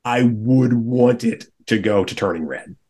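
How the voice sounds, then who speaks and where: A man's voice: mid-range voice, a little slow, darkish tone, slightly rough. A man talking as a podcast guest in a casual roundtable chat, enthusiastic and laughing often as he talks.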